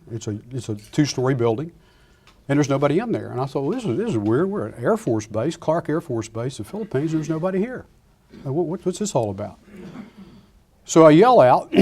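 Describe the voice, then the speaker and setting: An older man, a retired Air Force pilot, giving a lecture full of anecdotes and acting out the dialogue with lively restarts. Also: mid-range voice. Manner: animated storyteller acting out dialogue, frequent restarts.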